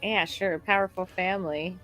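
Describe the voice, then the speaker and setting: A woman's voice: fairly low pitch, fairly even intonation, normal speed, over loud music. A woman playing a tabletop game, rambling with lots of fillers and giggles. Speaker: player. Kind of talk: casual tabletop game play.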